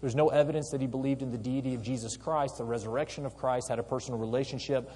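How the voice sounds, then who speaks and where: Husky-voiced man lecturing in a hall. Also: mid-range voice, fast. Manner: energetic storyteller, asks the audience questions. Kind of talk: history lecture.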